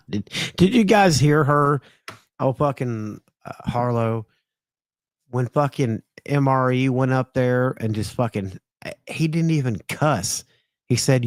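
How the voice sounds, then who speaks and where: A man's voice: mid-range voice, animated, slow pace, pauses often, darkish tone, no echo. A man hosting a casual commentary stream, laughing often and mocking people with lots of swearing. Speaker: streamer host.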